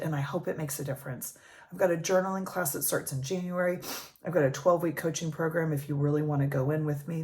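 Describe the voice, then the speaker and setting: A woman's voice: fairly low pitch, a little mellow. A woman in her thirties, a life coach, speaking earnestly and emotionally in a personal vlog. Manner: earnest, emotional, talks with emphasis.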